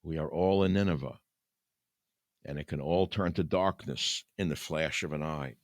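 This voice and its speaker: A man's voice: sits low, normal speed, fairly bright tone, no room sound, clean studio sound. An older man hosting a talk show, reading scripture aloud and then ranting in an impassioned, preaching way. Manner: preaching, rising to angry outbursts. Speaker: radio talk host.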